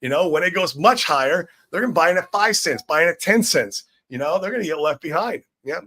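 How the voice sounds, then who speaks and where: A man's voice: fairly high pitch, animated, fairly quick, sharp tone. A man hosting a casual crypto livestream, hyped and swearing freely as he greets viewers in chat. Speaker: livestream host. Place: room in Shanghai.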